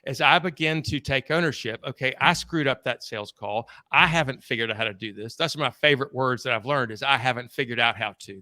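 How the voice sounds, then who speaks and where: Guy on a podcast telling stories, blunt and candid, bright forceful voice, real dry sound. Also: medium pitch, no room sound. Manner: candid, blunt, swears casually. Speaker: podcast guest, sales trainer. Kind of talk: conversational storytelling interview.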